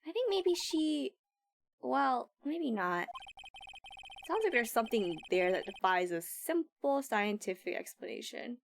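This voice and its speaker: A woman voicing an eager young female forensic scientist in a game, bright and excitable. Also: fairly high pitch, unhurried, vocal fry, a little hiss or hum, heavily acted. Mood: earnest. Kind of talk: game dialogue read aloud.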